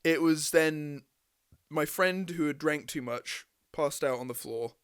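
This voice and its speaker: A man's voice: on the high side, unhurried, clean tone. A young man, a podcast host telling a story in casual chat, swearing often and acting out what people said. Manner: animated storyteller, swears a lot, acts out voices.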